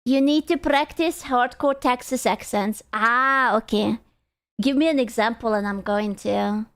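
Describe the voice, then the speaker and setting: Woman streamer, slow unhurried talk, smooth voice, playful, swears casually. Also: a little high, fairly bright tone. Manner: playful, joking and swearing freely. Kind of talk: casual chat reading live chat.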